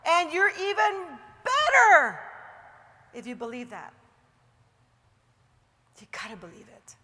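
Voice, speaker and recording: Energetic woman speaker in an echoey hall. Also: very high-pitched. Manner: energetic and emphatic, then slow and soothing when guiding relaxation. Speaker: motivational speaker leading a guided meditation. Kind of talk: live motivational talk to an audience. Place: large hall with an audience.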